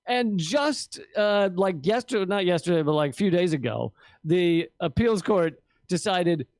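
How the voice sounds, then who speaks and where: A fairly high-voiced man talks politics in a loose, rambling, animated way, cursing as he goes. The sound is dry and close, with no room echo around him. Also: a little slow. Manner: rambling, animated, swears, mimics officials in a high voice. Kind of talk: casual political talk.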